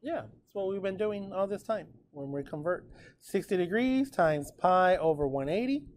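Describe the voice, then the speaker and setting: Upbeat male math teacher, slightly high voice. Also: normal speed, slight background noise. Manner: relaxed and chatty, checks in with students often. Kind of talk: classroom lecture recorded with notes.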